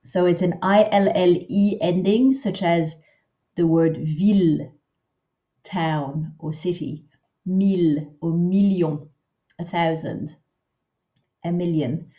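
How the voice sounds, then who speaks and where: Slow, low-voiced woman teaching pronunciation. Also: fairly even intonation, mellow, dull audio. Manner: patient, models words slowly and repeats them; chatty asides. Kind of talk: online pronunciation lesson.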